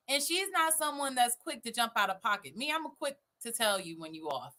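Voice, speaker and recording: A woman's voice: high voice, lively intonation, moderate pace, hardly any pauses, bright, forceful tone. A woman hosting a casual reaction chat, blunt and sarcastic, swearing freely. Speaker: host reacting to clips.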